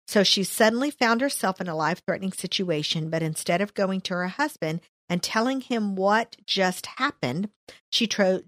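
A woman's voice: mid-range voice, no echo, studio quality. A woman leading a casual Bible study, reading verses aloud and adding her own comments. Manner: reads verses then comments, playful asides.

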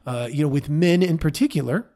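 A man's voice: on the high side, very animated, fairly quick, mellow. A man, a therapist, talking through a casual solo podcast episode in a conversational, self-deprecating way with frequent restarts.

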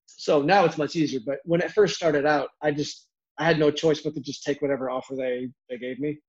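A young man, a YouTuber, talking casually in an interview, quick and chatty with lots of filler words. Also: on the high side, fairly even intonation, breathy edge. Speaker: YouTuber guest. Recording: dull lo-fi sound.

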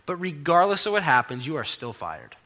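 A man's voice: on the high side, big pitch swings, a little fast, sharp tone. A man voicing a stern, commanding rich woman who fires her money manager. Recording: long hall reverb.

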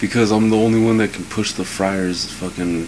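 A man's voice: fairly low pitch, fairly even intonation, normal speed, a loud crowd, low-quality recording. A man co-hosting a casual podcast, joking and laughing a lot, with casual swearing. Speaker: podcast co-host. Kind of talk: casual chat.

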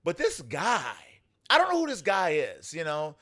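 Podcast co-host, male, high lively voice, excitable, teasing, swears freely. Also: normal speed. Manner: animated, laughing, swearing, mocking voices. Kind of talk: casual movie chat.

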